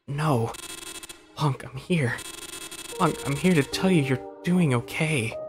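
Slow, gentle man reading game dialogue. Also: a little high. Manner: gentle, reassuring. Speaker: game streamer. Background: game music.

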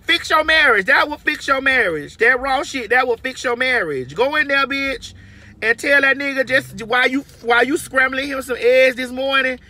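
A woman's voice: sits high, moderate pace, bright, forceful tone. A woman giving brash, profane, emphatic advice in a casual monologue from her car. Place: inside a parked or moving car.

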